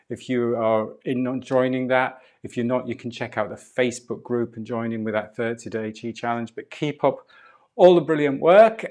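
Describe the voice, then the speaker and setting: A man leading a live online qigong and breathwork class, giving calm, drawn-out guiding cues over a video call. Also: mid-range voice.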